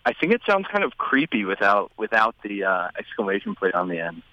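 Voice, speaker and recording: A man calling into a radio show, sheepish and relaxed. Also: fairly low pitch, fairly quick, no room sound. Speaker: caller. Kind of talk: casual interview. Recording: dull lo-fi remote line.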